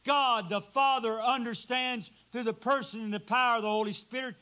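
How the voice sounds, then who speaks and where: High, bright-voiced preaching man. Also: steady tone, normal speed, clean tone, low-quality recording. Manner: preaching with dramatic swings from loud to hushed. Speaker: pastor. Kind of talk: sermon. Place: church sanctuary.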